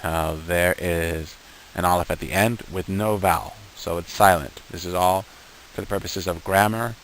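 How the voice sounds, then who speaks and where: Low-voiced patient male language teacher. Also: fairly even intonation, fairly bright tone, slight background noise, rough recording. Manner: patient, slow, repeats sounds for the learner. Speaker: Hebrew teacher. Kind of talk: beginner language lesson.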